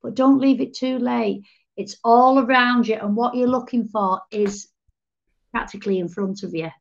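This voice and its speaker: A woman's voice: a little high, normal speed, vocal fry. Woman, medium, earnest, relaying spirit messages, slightly muffled remote audio. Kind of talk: live online psychic reading.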